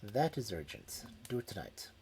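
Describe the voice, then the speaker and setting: Weak muttering detective, wounded, wry, scheming, low voice, warm tone, a man doing it. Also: huge pitch swings, normal speed, a little hiss or hum. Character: injured wry male detective, calm and scheming.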